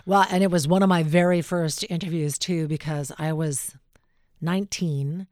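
This middle-aged radio host from Western Canada has a deep voice and talks at normal speed, recorded with studio quality and no echo. In a casual interview she tells stories with animation, shifting her voice to act out the people she quotes.

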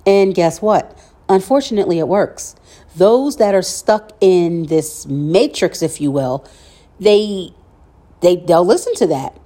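Mellow-voiced woman hosting a podcast. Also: fairly low pitch, lively intonation, measured pace. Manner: conversational, with wry sarcastic asides. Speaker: podcast host. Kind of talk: solo podcast monologue.

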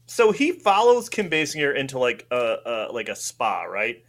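A man's voice: medium pitch, huge pitch swings, moderate pace, vocal fry, fairly bright tone. A man co-hosting a casual movie chat, recapping the plot with lots of fillers. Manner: rambling recap with many fillers and likes. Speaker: podcast co-host recapping the plot.

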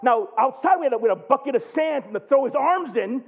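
A man in his thirties preaching, telling a funny camp story with excitable, jokey energy and loud bursts. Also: extremely high pitch, fast, vocal fry, slightly rough. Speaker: pastor. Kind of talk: animated sermon storytelling. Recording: tinny phone-like sound.

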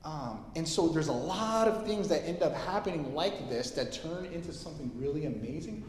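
A man preaching a casual sermon, telling stories with lively quoted voices. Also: fairly high pitch, normal speed. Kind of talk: sermon with storytelling. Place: church hall. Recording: echoey hall, heard from a distance.

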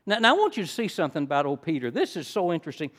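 Older preacher with a slightly high voice. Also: male voice, very animated, very fast. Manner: teaching, building to loud emphatic stresses. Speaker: pastor. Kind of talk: sermon.

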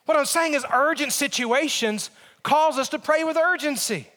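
A man preaching a sermon as pastor, earnest, with quick humorous asides. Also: very high-pitched, bright, forceful tone. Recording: echoey church hall.

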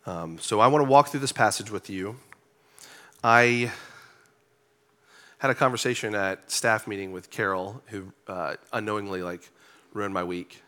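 A man with a fairly low voice delivers a sermon from a church stage. He keeps it loose and conversational, joking with the congregation and leaning on casual fillers. The pulpit talk sounds like everyday chat rather than formal oratory. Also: a little slow, pauses often, pushed and bright. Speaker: pastor and church elder.

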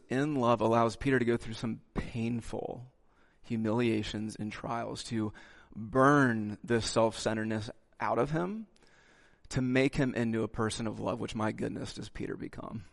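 Gravelly-voiced male pastor preaching. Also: medium pitch. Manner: expressive preaching, frequent "okay" asides, acts out quotes. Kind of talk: sermon.

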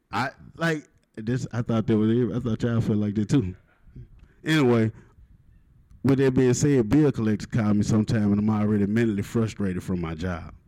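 A man, doing a profane stand-up set at an open mic and punching lines with loud outbursts. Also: fairly low pitch, no echo, poor audio. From Mississippi, USA. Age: 30s. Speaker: stand-up comedian. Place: open mic stage in a live venue.

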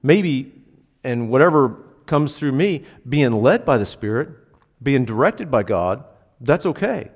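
Pastor in a reverberant hall. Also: male voice, medium pitch, very animated, measured pace. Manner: casual, asks the congregation questions, emphatic bursts. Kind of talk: conversational sermon.

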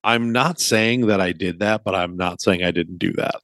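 A man in his thirties, a podcast co-host, chatting casually and telling animated, profane stories. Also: low voice, normal speed, no room sound.

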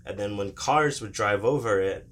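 Brief: young man, bright tone, lowish pitch, rambling profane storyteller who mimics the voices in his story. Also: normal speed. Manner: loose, profane, acts out voices while telling. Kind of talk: casual storytelling chat.

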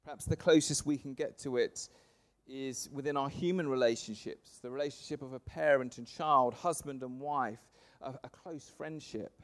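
A pastor preaches a sermon to his congregation at a church service, speaking at a normal speed in a mid-range voice. His delivery is lively, punching words out loudly, then letting the ends of phrases fall away softly.

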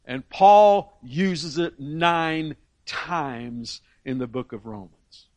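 A man's voice: on the high side, very slow, a little mellow, dry recording. A man preaching a sermon in an earnest, emphatic way, often restarting phrases and reading quotations aloud.

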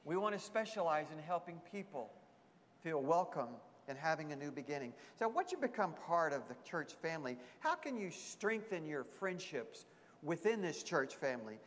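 A man's voice: on the high side, big pitch swings, normal speed, fairly bright tone, a little hiss or hum. A man preaching a sermon as a pastor, earnest, repeating emphatic phrases. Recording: long hall reverb.

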